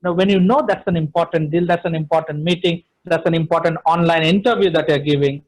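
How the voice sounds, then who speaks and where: A man's voice: on the high side, steady tone, fast, rough recording. A man, speaking as a trainer in an online session from home, emphatic and repeating phrases for stress.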